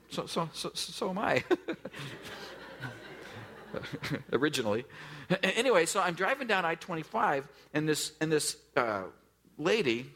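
A man in his forties, from the US West Coast, preaching a sermon in a relaxed, joking, story-driven way, with lots of fillers and acted-out quotes. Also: fairly high pitch. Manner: conversational, jokey storytelling with many fillers; acts out quoted voices, drops to a hush for emphasis. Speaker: pastor.

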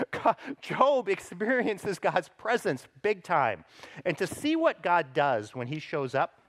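A man's voice: big pitch swings, takes it slowly, a bit bright. A man preaching a sermon as pastor, emphatic, lifting his voice when he reads the scripture aloud and checking in with listeners. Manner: emphatic, rises in pitch and volume when voicing scripture; speaks directly to the congregation with frequent "right?".

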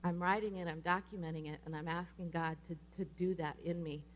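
A woman's voice: fairly low pitch, fairly quick, a little hiss or hum. A woman preaching in a casual storytelling way, acting out the voices of the people she quotes. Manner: animated, acts out quoted voices. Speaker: speaker. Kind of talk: sermon storytelling.

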